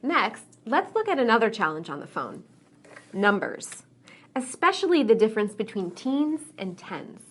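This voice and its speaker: A woman with a slightly higher voice delivers a scripted English pronunciation lesson. She reads example sentences slowly, enunciating every sound with care. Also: sing-song.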